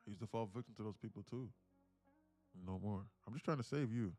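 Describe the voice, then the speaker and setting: A man's voice: lowish voice, quick pace, darkish tone, faint music behind. A man day trader talking casually and bluntly on a live stream, rambling and laughing often.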